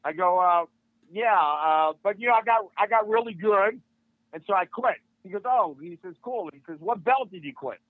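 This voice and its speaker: A man's voice: sits high, moderate pace, dry recording. An older man, a martial arts instructor, telling a story as a podcast guest and acting out the dialogue of the people in it. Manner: animated, acts out quoted dialogue. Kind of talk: casual storytelling. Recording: tinny phone-like line, dry.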